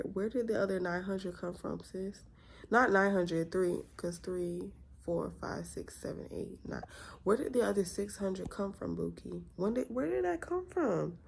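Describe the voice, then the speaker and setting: A woman's voice: deep voice, gravelly, a little mellow, breathy edge. A young woman vlogger telling a story in a casual, exasperated way, full of rhetorical questions.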